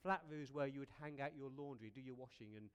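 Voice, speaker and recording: A man preaching a sermon as a lively, conversational story, often repeating words and asking rhetorical questions. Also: medium pitch, quick pace, clean tone.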